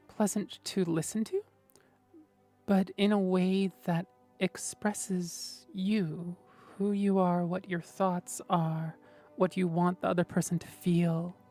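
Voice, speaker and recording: A woman hosting a relaxed livestream, talking through voice technique at an unhurried, slow pace. Her tone is low and mellow, gentle and thoughtful, with soft music playing faintly underneath. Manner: gentle, thoughtful, explaining, often adds "right?". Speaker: streamer host. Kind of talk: casual livestream chat about voice technique.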